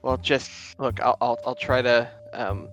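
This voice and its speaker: A man's voice: medium pitch, steady tone, unhurried, fairly bright tone, lo-fi sound, faint music behind. A man playing a tabletop game, describing his character's actions in long rambling sentences. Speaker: player.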